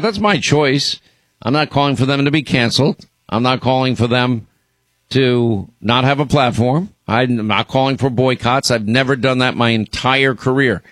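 A man's voice: mid-range voice, a bit bright, no echo. A man hosting a radio and podcast show, talking in a blunt, indignant way with many restarts. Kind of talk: talk radio commentary.

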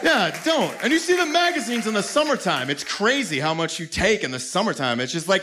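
A man doing a profane stand-up set in a comedy club, shouting his punchlines. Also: high-pitched, big pitch swings, fairly quick, few pauses. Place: comedy club before a live audience. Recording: noisy live club recording.

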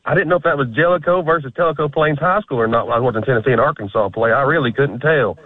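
A man's voice: medium pitch, quick pace, no room sound. A man calling in to a sports radio show, laughing and folksy. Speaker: caller. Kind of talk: casual call-in chat. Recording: tinny dry phone line.

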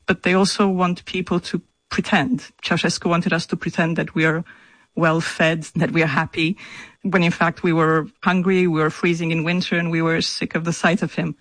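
A woman from Romania, a novelist speaking in an interview in a slow, thoughtful, measured way. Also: fairly low pitch, little pitch movement, no room sound, rough recording. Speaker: novelist guest. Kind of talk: remote interview.

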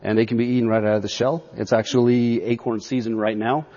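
Relaxed, storytelling man from Arizona. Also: mid-range voice, quick pace, long reverb tail, lo-fi sound. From northeastern Arizona. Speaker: guest. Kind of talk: radio interview.

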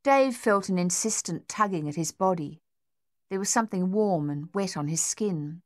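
A woman with a lowish voice narrates an audiobook in a steady, measured way. The sound is close and completely dry, as in a treated studio booth. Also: no echo.

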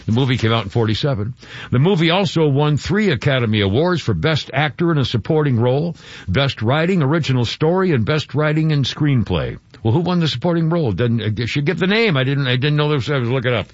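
A man hosting a casual radio show, chatty and quick to laugh, thinking aloud as he talks. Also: mid-range voice, lively intonation, no echo, highs cut off. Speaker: radio host.

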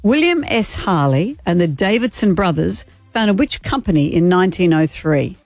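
A woman's voice: on the low side, sing-song, moderate pace, no echo, soft background music. Aussie lady cohosting drive radio, bouncy voice, dry studio mic, chatty and teasing. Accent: Australian. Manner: chatty, teasing quiz host. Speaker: radio co-host. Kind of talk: drive-time radio banter.

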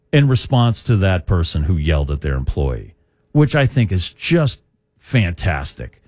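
A man's voice: low voice, very animated, unhurried, darkish tone, no echo, studio quality. A man hosting morning rock radio, chatting in a rambling, opinionated way with lots of fillers. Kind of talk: radio talk. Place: radio studio. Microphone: studio microphone.

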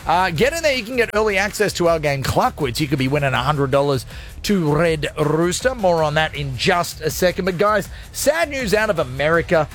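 A man's voice: fairly high pitch, expressive, a little fast, fairly bright tone, faint music behind. A male radio host chatting on air in a playful, jokey, rambling way from a studio. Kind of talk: energetic radio show chat.

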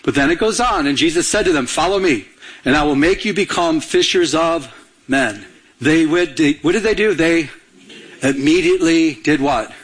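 A man's voice: fairly high pitch, expressive, normal speed, slightly rough. A male pastor preaching a sermon with urgency, repeating lines and prompting the congregation to answer. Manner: urgent, repetitive, call-and-response preaching.

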